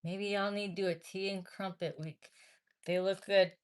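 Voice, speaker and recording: A woman's voice: medium pitch, level tone, normal speed, clean tone. A woman from the Midwest hosting a casual livestream, reading viewer comments aloud and talking back bluntly, with swearing. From American Midwest. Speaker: livestream host.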